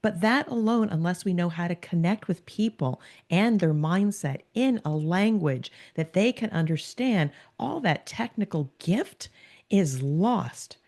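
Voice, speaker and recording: Female podcast host with a lowish voice, emphatic, gives advice straight to listeners. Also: expressive, a little slow, darkish tone. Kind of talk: podcast interview.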